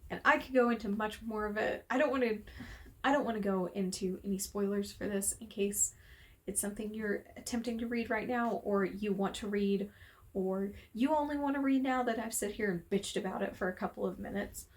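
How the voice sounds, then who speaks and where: A woman's voice: mid-range voice, brisk. A woman talking casually to camera in a room at home, heated and exasperated, swearing freely as she rants. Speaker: book reviewer. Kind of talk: casual vlog rant. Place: room at home with window open.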